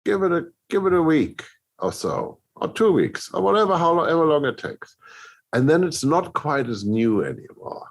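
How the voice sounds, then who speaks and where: Speaking at a moderate pace in a fairly high voice, a middle-aged composer recounts stories as a guest on a podcast. He restarts his sentences a lot and brings others' reactions to life in an animated way.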